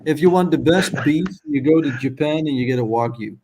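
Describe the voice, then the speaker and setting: A man's voice: on the high side, fairly quick, warm tone. Candid swearing man in casual chat. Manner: storytelling, swears freely, candid. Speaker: podcast co-host.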